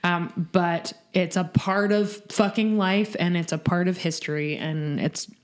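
A woman's voice: fairly low pitch, a little slow. A woman co-hosting a casual, profane chat, talking animatedly and often laughing as she speaks. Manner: animated, swears a lot, laughs while talking. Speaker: podcast co-host. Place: apartment.

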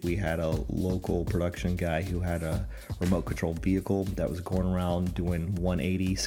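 Deep-voiced rambling podcast host. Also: male voice, a little mellow. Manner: joking, teasing, rambling with fillers. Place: Pacific Northwest, rural mountains.

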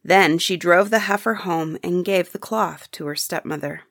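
A woman reading an old folk tale aloud in an even, measured storytelling manner. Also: lowish voice, no echo, clean studio sound.

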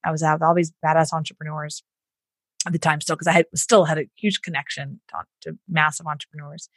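Woman guest with a low voice, animated storyteller who mimics others, dry close sound. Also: quick pace, no echo. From Southern United States. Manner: animated, acts out what others said, laughs often. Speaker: entrepreneur guest. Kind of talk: candid storytelling interview.

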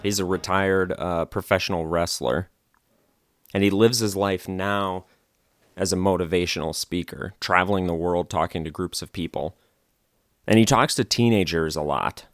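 A man hosting a show, introducing a clip in relaxed, plain talk. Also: low-pitched, normal speed, no echo, studio quality. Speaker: host. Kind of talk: casual introduction.

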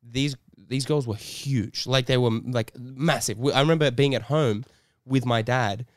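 A man's voice: medium pitch, measured pace, no room sound, clean studio sound. A young man co-hosting a podcast, telling a story in a rambling way with lots of fillers and laughter. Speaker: podcast co-host. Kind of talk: casual storytelling chat.

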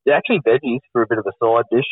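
A dry, deadpan man argues sport with his mates, contrary by habit. He sounds thin and phone-like, with no room around him. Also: mid-range voice, very fast, no echo. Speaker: podcast co-host. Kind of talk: casual sports chat. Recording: dry, tinny phone-like line.

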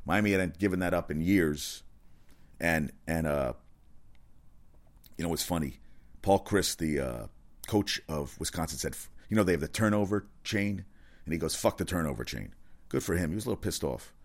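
A man giving a casual, rambling sports rant, excitable and profane, often correcting himself. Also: low voice, normal speed, long pauses. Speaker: sports commentator.

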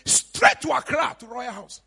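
A man with a Ghanaian accent, a pastor preaching a sermon, rising to high shouts and falling to quiet murmurs. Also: sing-song, normal speed, creaky, husky. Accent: Ghanaian English. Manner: preaching, shouts to a high pitch then drops to a low murmur. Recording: reverberant church hall with music behind.

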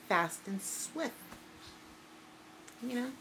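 A woman cuts a wrestling promo, brash and profane, with playful threats. She talks slowly in a slightly low voice. A faint hum of ambience sits behind her. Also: expressive, pushed and bright, low-quality recording. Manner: brash, profane, mock-menacing. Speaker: wrestling show host.

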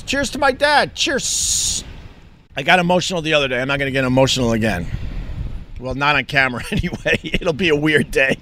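Bright-voiced candid man from Long Island. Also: a little high. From Long Island, New York. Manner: rambling, candid, swears freely. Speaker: vlogger. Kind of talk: casual personal monologue.

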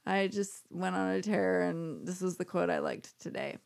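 A woman co-hosting a podcast, chatting casually, laughing often and throwing in quick asides. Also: lowish voice, animated, vocal fry, darkish tone. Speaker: podcast co-host. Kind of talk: casual chat.

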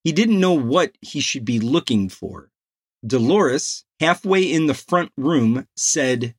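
A man narrates a crime novel in a slow, deliberate reading. His voice has a husky edge at a middle pitch. The sound is dry and close, with no room around it. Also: lively intonation, dry recording. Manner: slow, measured reading with quoted dialogue. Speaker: audiobook narrator.

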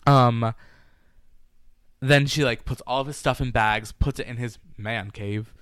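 Animated gossiping male podcast co-host. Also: medium pitch, unhurried, smooth, no echo, clean studio sound. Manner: animated gossipy retelling with quoted asides. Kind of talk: casual storytelling chat.

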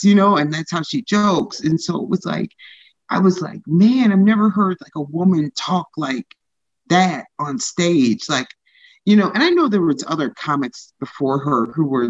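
A woman stand-up comedian in a casual interview, talking fast and loose with lots of "like" fillers and frequent laughter. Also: lowish voice, husky, no echo, dull audio.

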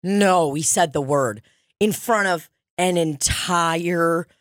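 A woman co-hosting a casual chat, telling stories in an animated, profane way. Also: lowish voice, takes it slowly, no room sound, clean studio sound. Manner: profane, animated storytelling with acted quotes.

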